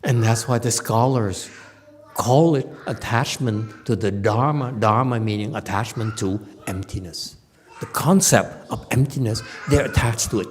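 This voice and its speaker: A man giving a Dharma lecture as a Buddhist teacher, playful and laughing often, moving between loud bursts and hushed asides. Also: mid-range voice, moderate pace. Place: temple lecture hall.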